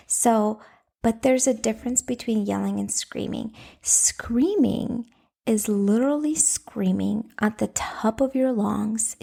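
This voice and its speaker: A woman's voice: medium pitch, creaky, warm tone. A woman hosting a solo podcast, coaching moms in a casual, direct way and often checking in with "okay?".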